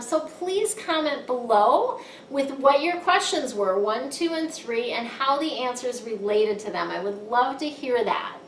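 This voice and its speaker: An upbeat woman with a somewhat high voice reads tarot cards in a casual, encouraging way and keeps asking "right?". She sits back from the mic in a roomy, echoey space with a faint rumble behind her. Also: a bit bright. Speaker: tarot card reader. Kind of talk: casual monthly tarot reading. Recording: echoey room, mic set far off.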